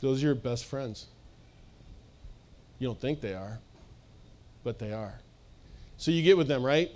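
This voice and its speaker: A man preaching a sermon at a church service, casual and animated, acting out voices and laughing often. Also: medium pitch, measured pace. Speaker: pastor.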